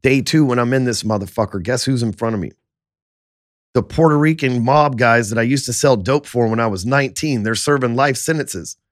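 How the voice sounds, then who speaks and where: A man telling his life story on a podcast in a profane, animated way. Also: mid-range voice, a little fast, dry recording, studio quality.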